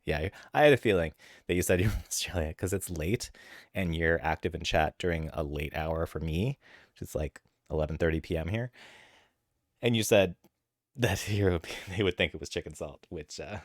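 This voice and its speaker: Deep-voiced man chatting casually at home. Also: dry recording, studio quality. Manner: chatty, easygoing storytelling. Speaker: live streamer. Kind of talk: casual chat with viewers. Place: at home with his cats, late at night.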